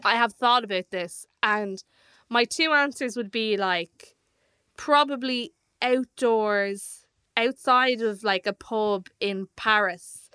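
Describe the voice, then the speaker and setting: Bright, crisp, woman, chatty, playful guest. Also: a little high, takes it slowly, no room sound, studio quality. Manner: chatty, playful, exaggerating for laughs. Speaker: touring musician guest. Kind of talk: casual chat.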